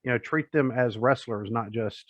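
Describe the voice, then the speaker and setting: A man's voice: mid-range voice, normal speed, dry recording. A man, co-hosting a wrestling podcast in a rambling, chatty, joking way. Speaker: podcast co-host. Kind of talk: casual chat. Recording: dull lo-fi podcast audio, dry.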